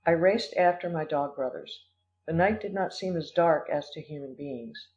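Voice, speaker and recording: A man narrating an audiobook in a measured, expressive storytelling manner. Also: on the high side. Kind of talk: audiobook reading. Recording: dull lo-fi recording.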